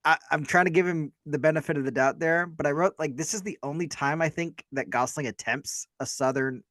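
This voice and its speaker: A man co-hosts a podcast, chatting casually about a film in a rambling, hedging, self-deprecating way. His voice is on the high side, brisk and a bit bright. The recording is clean studio sound with no room sound.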